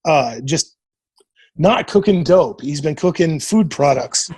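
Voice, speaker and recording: A man's voice: on the high side, animated, slow, a little mellow, husky, no echo. A man around forty from Nebraska, a podcast guest telling stories in a casual, profane way and acting out what people said. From Nebraska, USA. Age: 40s. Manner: profane, retells events by acting out quoted dialogue. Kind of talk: casual storytelling.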